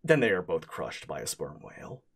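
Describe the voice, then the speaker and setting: A sleep-deprived man narrating a tabletop game as game master, halting and full of fillers and restarts. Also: low-pitched, sing-song, creaky, husky.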